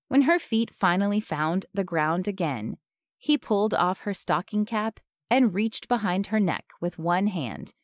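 In this scripted audiobook narration, a woman speaks at a steady, even pace in a mid-range voice. The sound is studio quality, free of any room sound.

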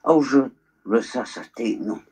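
A man's voice: medium pitch, animated, moderate pace, darkish tone, a little hiss or hum. A man ranting on a live stream, erratic and sweary, repeating himself and barking out names. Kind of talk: rambling live stream rant.

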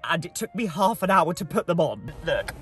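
A man's voice: a little high, big pitch swings, normal speed, a bit bright, soft background music. A young man vlogging in a camp, sarcastic, jokey way. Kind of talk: casual comedic vlog.

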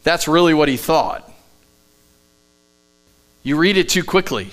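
Emphatic male pastor preaching, smooth voice. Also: on the high side, lively intonation, measured pace. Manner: emphatic preaching, often dropping to soft asides. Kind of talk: sermon. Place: church sanctuary, live service.

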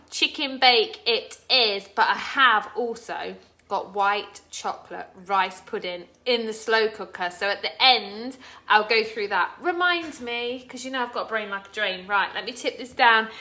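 A middle-aged woman hosts a casual cooking livestream from her home kitchen, chatting, greeting viewers by name, and poking fun at herself. Her voice sits on the high side and sounds pushed and bright. Faint noise from a children's game plays in the background.

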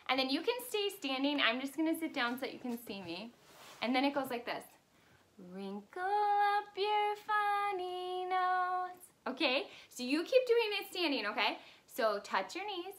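Upbeat teacher lady filming a lesson for little kids, high voice, unhurried, sings along. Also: sing-song, a bit bright. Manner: cheerful, sing-song, leads actions and songs. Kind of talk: recorded video lesson for young children. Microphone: camera in front of her.

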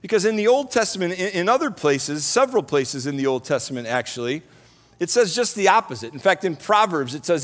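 A man giving a lively Bible lesson as a Sunday school teacher, moving between hushed scripture reading and excited, shouted exclamations. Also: high-pitched, brisk. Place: church hall. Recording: long hall reverb.

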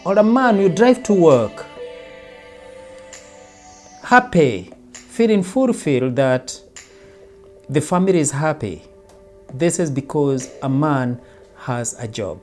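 A man's voice: a little high, lively intonation, slow pace, pauses often, darkish tone, soft background music. A man giving a motivational talk, telling it as a story and briefly acting out everyday lines. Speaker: self-help speaker. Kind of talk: motivational monologue.

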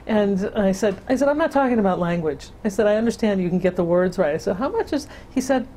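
A woman's voice: mid-range voice, lively intonation, fast, mellow, slight background noise. An older woman recounting memories in an oral history interview, telling her story with many restarts and fillers. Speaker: interviewee, sister-city project founder.

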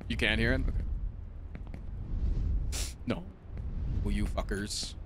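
A young man streaming a game live, talking to his chat in an excitable, profane, rambling way. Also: fairly low pitch, takes it slowly, noisy background. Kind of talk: casual live-stream commentary.

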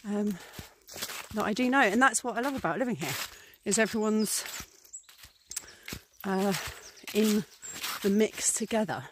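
The vlogger, an English woman who is also a priestess, speaks unhurriedly at medium pitch while background noise runs underneath. She rambles chattily to camera with many ums and plays out little scenes in character voices.

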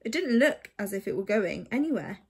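A woman reading a children's story aloud in a measured, expressive way. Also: medium pitch, husky.

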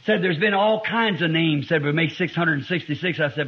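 A man in his fifties preaching a sermon to a congregation, climbing to loud emphatic lines and dropping to quiet asides. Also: fairly high pitch, steady tone, fairly quick. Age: 50s. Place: church before a congregation. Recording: muffled lo-fi 1960s sermon tape.

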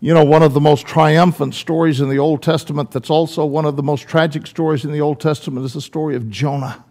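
A man preaching a sermon in church, swinging between loud emphatic lines and hushed, drawn-out ones. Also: on the high side, fairly even intonation.

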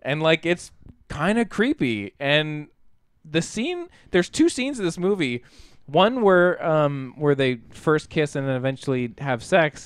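A man's voice: on the high side, dry recording. A man co-hosting a casual podcast, retelling a film in a rambling, incredulous way, full of "like" and restarts. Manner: rambling, heavy use of "like" and restarts. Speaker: podcast co-host reviewing a film. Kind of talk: casual chat.

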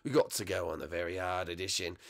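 Man putting on a gruff Australian drill sergeant, low growling voice, gravelly, bossy, barking orders, game role-play. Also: fairly even intonation, quick pace, a bit bright. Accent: put-on Australian.

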